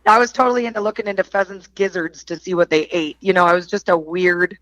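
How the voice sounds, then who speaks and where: A woman's voice: on the low side, fairly even intonation, quick pace, a bit bright, no room sound, lo-fi sound. A middle-aged woman from Wisconsin with a Wisconsin accent, a podcast guest chatting casually and animatedly, laughing often. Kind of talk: casual chat.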